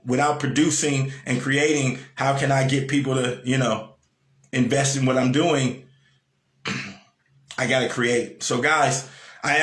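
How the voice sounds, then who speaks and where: Man, motivational speaker, fairly high voice, talking casually and repeating himself for emphasis. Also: a bit bright, reverberant. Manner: conversational, repeats lines for emphasis, asks the listener questions. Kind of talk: casual motivational talk to an online audience.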